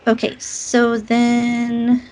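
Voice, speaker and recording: Slow-speaking woman player. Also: a little high, completely flat delivery, darkish tone. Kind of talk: casual tabletop game play.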